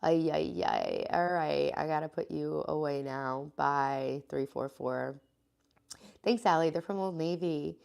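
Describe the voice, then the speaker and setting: A woman's voice: deep voice, very animated, a little slow, creaky, darkish tone, clean tone. An American woman chatting casually on a live stream, congested and sniffling, rambling and greeting viewers by name. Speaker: livestreamer greeting her chat.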